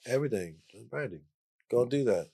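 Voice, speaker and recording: A man's voice: medium pitch, animated, brisk, mellow, husky. A man guest on a casual podcast, playfully lecturing his listeners and repeating phrases for emphasis. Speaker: podcast guest, jazz musician.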